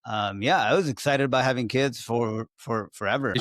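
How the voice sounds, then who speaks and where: A man's voice: medium pitch, normal speed, fairly bright tone, no echo, studio quality. A young man co-hosting a podcast, telling stories in casual, chatty talk full of filler words. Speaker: podcast co-host. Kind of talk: casual chat.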